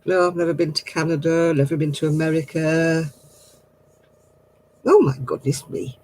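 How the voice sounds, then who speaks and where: A husky-voiced woman in her fifties hosts a relaxed craft stream. She chats freely with her viewers, full of laughs and homely exclamations. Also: sits low, normal speed, poor audio. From northern England. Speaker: craft livestream host. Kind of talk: casual chat with viewers.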